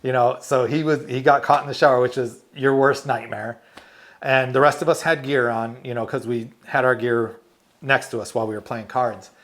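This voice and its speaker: A man's voice: mid-range voice, moderate pace. A man, a retired army medic from the United States, telling war stories in an interview, acting out the quotes and laughing often. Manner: animated storyteller, laughs often, acts out quotes. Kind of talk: storytelling interview.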